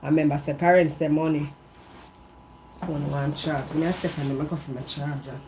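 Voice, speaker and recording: Low-voiced Jamaican woman gossiping. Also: steady tone, a little fast, noisy background. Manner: repetitive, emphatic storytelling in patois. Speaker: vlogger. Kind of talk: casual gossip monologue. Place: outdoors in the evening breeze.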